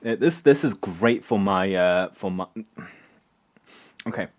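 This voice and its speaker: A man hosting a casual live stream from his home workshop, rambling and halting with many fillers. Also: low-pitched. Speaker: streamer and electronics maker.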